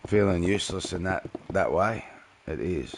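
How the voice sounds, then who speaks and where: A man's voice: low voice, animated, normal speed, slight background noise. A young man streaming a game, chatting casually and answering viewers' messages by name. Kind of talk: casual live-stream chat while gaming.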